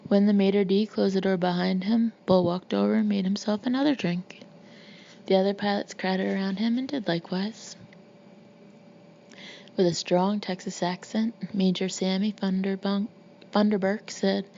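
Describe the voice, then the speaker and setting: Gravelly woman narrating a novel. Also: medium pitch, moderate pace, highs cut off, slight background noise. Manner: steady storytelling with slips. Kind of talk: audiobook narration.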